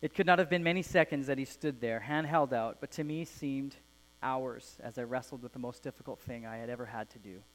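A man's voice: medium pitch, brisk, low-quality recording. Earnest male pastor preaching. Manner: earnest, falls soft at phrase ends. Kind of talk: sermon with a read-aloud story. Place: church.

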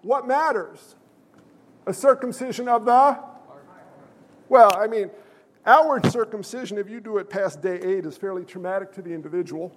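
A man with a strikingly high voice delivers a fervent sermon, pressing his listeners with question after question. His words ring out with a long, lingering hall reverb, as if from a large sanctuary. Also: normal speed, long pauses, slight background noise. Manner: emphatic, calls out to the congregation with questions. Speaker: pastor. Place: church sanctuary.

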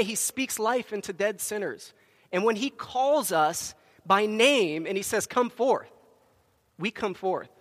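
Man, preacher, sermon, high voice, emphatic storytelling, microphone, reverberant church hall. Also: fairly bright tone. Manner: storytelling with acted quotes, emphatic. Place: church sanctuary.

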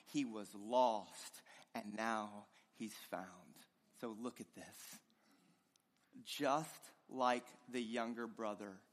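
A man preaches with fervor, his voice rising loud and then dropping to a hush. He speaks slowly and deliberately, in a high, forceful voice. A long reverb from the church hall trails each phrase. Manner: impassioned, swinging between loud and hushed. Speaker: pastor. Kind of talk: sermon.

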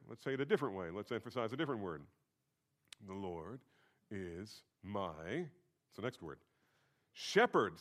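A man's voice: medium pitch, a bit bright. Man preaching a conversational sermon. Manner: conversational teaching with emphatic repetition. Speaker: pastor.

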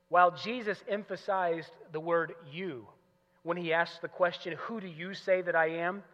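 A man preaching a sermon, moving between hushed teaching and loud, emphatic passages. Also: sits high. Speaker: pastor. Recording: muffled recording in a large hall.

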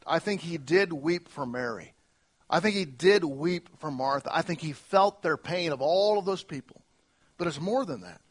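A male pastor preaching a sermon earnestly, moving between soft, slow lines and emphatic ones. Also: a little high.

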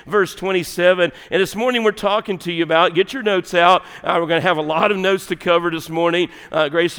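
Southern US male pastor, high and smooth voice, emphatic folksy sermon, long church reverb. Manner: emphatic, folksy, swings between loud and hushed. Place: church sanctuary.

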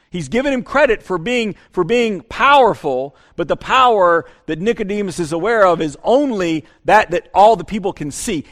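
A man's voice: high voice, fairly bright tone. A pastor preaching a conversational sermon, often repeating words as he restarts his sentences.

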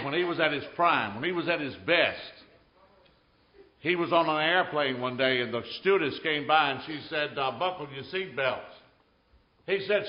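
A man preaching a sermon, telling stories in an animated way and swinging between loud and hushed. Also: fairly high pitch, moderate pace, reverberant, highs cut off, a faint crowd.

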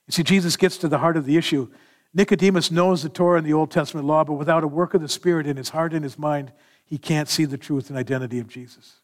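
Animated male preacher. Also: on the high side, quick pace. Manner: animated, acts out scripture dialogue. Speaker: pastor. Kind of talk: sermon.

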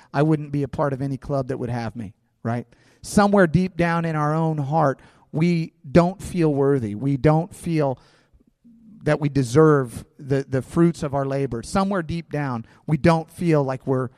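A man's voice: medium pitch, darkish tone, no room sound, clean studio sound, big-room sound. A pastor preaching an impassioned sermon, often asking his listeners questions.

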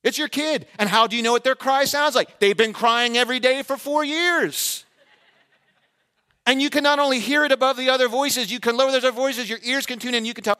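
A male pastor preaching a sermon in a high, bright, forceful voice. He keeps asking the congregation direct questions and answers them himself. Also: brisk. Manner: asks the congregation rhetorical questions and briefly acts out their replies.

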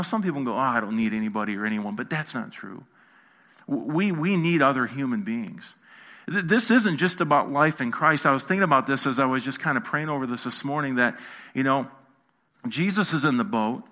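A male pastor preaching in a conversational style, asking the audience questions and swinging between loud emphasis and hushed moments. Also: fairly high pitch. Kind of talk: sermon.

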